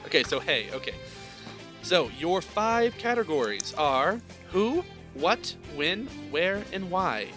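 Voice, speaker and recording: Male quiz host, a touch high and very bright in tone, playful and chatty, faint music underneath. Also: big pitch swings, takes it slowly. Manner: explains rules with frequent laughs. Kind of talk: playful game-show hosting.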